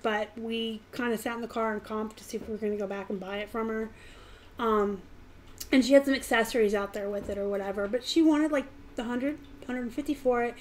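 Chatty, animated woman hosting a live stream. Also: fairly high pitch, slight background noise. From Pittsburgh area, US. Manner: chatty, animated, bursts of fast talk. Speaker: live stream host, reseller. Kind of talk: casual live stream chat.

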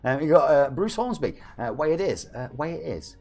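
A man's voice: a little high, sing-song, a little fast, creaky, a little mellow, faint music behind. A man, chatting and joking with viewers as a game streamer. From England. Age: 40s. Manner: chatty, jokey, reads out viewer messages. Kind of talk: live-stream chat with viewers.

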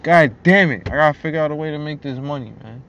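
A man's voice: on the high side, fast talker, a bit bright, muffled recording. A young man venting in a casual vlog monologue, frustrated and profane, repeating himself. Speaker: vlogger.

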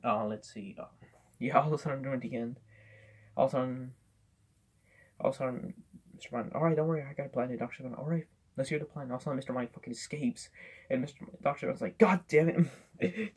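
A man's voice: mid-range voice, a little mellow, slightly rough. A man rambling through a casual movie review, swearing often and restarting his sentences. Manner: rambling, swears a lot, many fillers and restarts.

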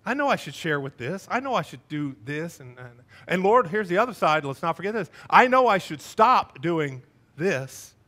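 A middle-aged male pastor preaching a sermon in a church sanctuary. His voice sits a little high, and he talks with animation, slipping into other voices with big jumps in pitch. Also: moderate pace. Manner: animated, acts out quoted voices with wide swings in pitch.

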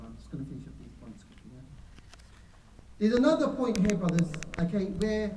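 A man's voice: sits high, darkish tone. A man preaches to a congregation, calling them brothers and acting out small scenes to make his points. He is heard from some way off in a large echoing hall with a faint background hum. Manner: addresses listeners as brothers, acts out little scenes. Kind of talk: religious lecture to a congregation. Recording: echoey hall recorded from far off.

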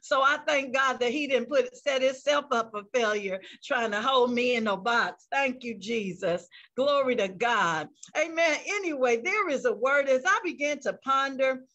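A woman's voice: high voice, normal speed, hardly any pauses, fairly bright tone, highs cut off. A woman pastor preaching a fervent sermon over a video call, breaking into praise as she goes. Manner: fervent, peppers speech with praise interjections.

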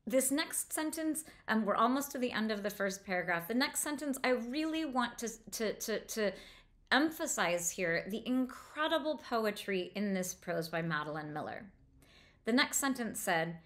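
A woman's voice: on the high side, expressive, fairly bright tone. Enthusiastic woman lecturing on prose. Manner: enthusiastic, slows down to read passages aloud. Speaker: literature lecturer. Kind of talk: close-reading lecture.

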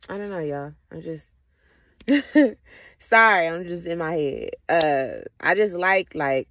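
Vlogger, casual reflective monologue: rambling, slangy, quick to laugh, dry close sound. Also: mid-range voice, fairly bright tone, dry recording. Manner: rambling, frequent laughter, heavy slang and profanity.

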